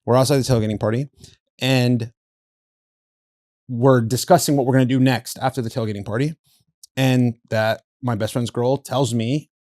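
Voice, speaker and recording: A man hosting a podcast, telling a story animatedly, acting out quotes with big jumps in pitch and laughing through it. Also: steady tone, moderate pace, long pauses, a little mellow, no echo, studio quality. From Southern California. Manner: laughs through his stories, says "bro". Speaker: podcast host. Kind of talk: casual storytelling.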